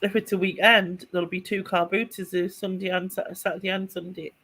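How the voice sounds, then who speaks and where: A woman's voice: lowish voice, level tone, a little fast, a bit bright. A woman, telling a story in casual podcast chat, rambling with restarts and small laughs. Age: 40s. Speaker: podcast co-host.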